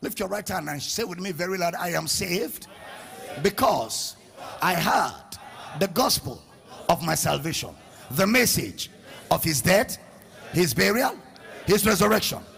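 A man preaching a sermon, leading the congregation in call-and-response, shouting in a sing-song preaching cadence. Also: high-pitched, big pitch swings, measured pace, vocal fry, long pauses. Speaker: pastor. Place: church hall with congregation.

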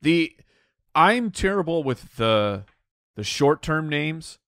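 A man's voice: a little high, big pitch swings, slow, fairly bright tone, clean tone, dry recording, clean studio sound. A man co-hosting a comedy podcast, chatting playfully in casual banter. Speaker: podcast co-host.

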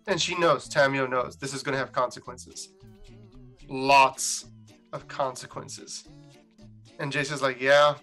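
A man hosting, recapping a story in casual chat, animated and quick to laugh. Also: medium pitch, soft background music. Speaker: host.

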